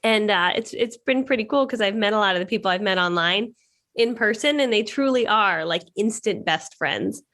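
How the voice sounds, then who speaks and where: A woman's voice: medium pitch, expressive, normal speed, a bit bright. A woman talking as a podcast guest in a casual, chatty interview, upbeat and laughing often. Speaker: podcast guest, network marketing trainer.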